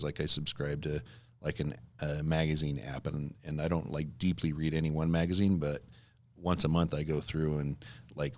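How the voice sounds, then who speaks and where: A podcast guest with an extremely deep voice. He answers casually, thinking out loud and restarting his sentences, with "like" scattered all through. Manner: relaxed, thinks aloud with repeated "like" and restarts. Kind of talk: casual interview chat.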